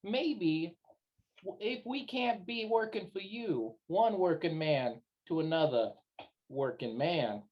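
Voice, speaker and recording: Smooth-talking adventurer voiced by a woman, persuasive, wheedling, low voice. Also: lively intonation, takes it slowly, muffled recording. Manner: wheedling, persuasive sales-pitch talk. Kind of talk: tabletop role-play voice acting.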